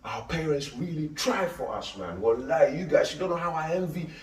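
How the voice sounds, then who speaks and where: A middle-aged man giving an animated, slangy street talk, repeating himself and firing questions at his listeners. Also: a little high, brisk, slight background noise. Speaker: street preacher. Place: outdoors on a street. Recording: echoey street audio from a distance.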